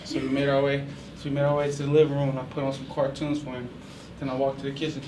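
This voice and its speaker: A man's voice: medium pitch, completely flat delivery, fast, a little mellow, recorded from a distance. A young man telling a personal story in a casual, slangy way full of "like". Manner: casual and slangy, many "like" fillers. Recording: echoey room with background noise.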